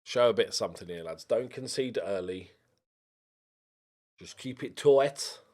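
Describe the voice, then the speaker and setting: This gaming YouTuber is a young man whose fairly low voice moves a little slowly. While playing a football management game, he offers casual commentary, chatting animatedly to his on-screen players and letting out frustrated yelps.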